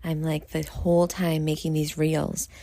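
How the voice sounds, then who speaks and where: Tired, gravelly low-voiced woman host. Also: flat delivery, a little slow, warm tone, no room sound. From New York. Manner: self-critical, rambling with many fillers. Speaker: show host. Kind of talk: casual late-night vlog talk.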